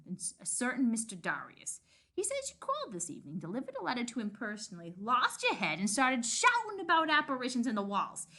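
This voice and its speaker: A woman voicing a gruff male night editor who brushes off a reporter's story in quick, clipped lines. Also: mid-range voice, pushed and bright, exaggerated voice.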